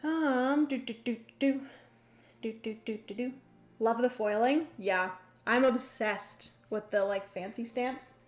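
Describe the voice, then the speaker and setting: A woman hosting a casual board game livestream, chatty and filling pauses with hums and ums. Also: on the high side.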